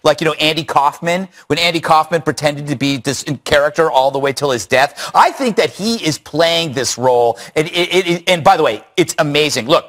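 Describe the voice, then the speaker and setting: A male news panelist talking in a mocking, sarcastic tone. His voice sits a little high. He comes across as animated and scornful. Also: a little fast, hardly any pauses. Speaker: panel co-host. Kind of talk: opinion panel talk.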